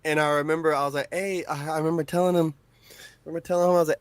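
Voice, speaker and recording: A man co-hosting a podcast, telling an excitable, slangy story at speed. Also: a little high, rapid-fire, smooth, dry recording, clean studio sound. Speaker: podcast co-host. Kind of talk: casual chat, storytelling.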